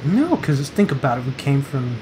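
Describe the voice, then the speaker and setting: A man chatting casually, wandering from fact to fact and teasing his partner with trivia questions. He sits at a middle pitch. Clear background hiss runs under the recording. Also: big pitch swings, fairly quick, a little mellow, poor audio. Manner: rambling, playful trivia quizzing. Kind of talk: casual chat.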